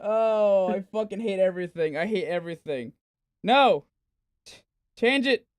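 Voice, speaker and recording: A man's voice: high-pitched, measured pace, clear, resonant tone. A young man streaming a game, ranting and swearing in melodramatic outbursts in a casual chat. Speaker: gaming streamer. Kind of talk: casual live-stream chatter.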